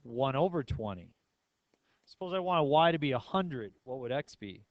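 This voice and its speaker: A man's voice: medium pitch, lively intonation, moderate pace, no room sound, muffled recording. A male math teacher lecturing a class in a playful way, asking his students many questions.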